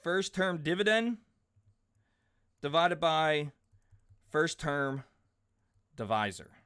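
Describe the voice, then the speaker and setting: A man in his forties teaching a math class, chatty and animated, telling side stories and calling on students by name. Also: a little high, slow, clean tone. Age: 40s.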